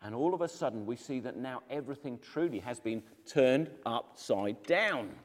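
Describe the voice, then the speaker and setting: Animated man telling a Bible story. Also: mid-range voice, moderate pace. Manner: animated, dramatic retelling addressing viewers. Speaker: Bible teacher. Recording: reverberant room.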